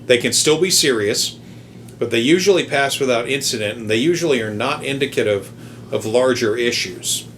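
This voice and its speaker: Measured male podcast host. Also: medium pitch, fairly bright tone, slight background noise. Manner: measured, methodical fact-checking. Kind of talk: explanatory commentary.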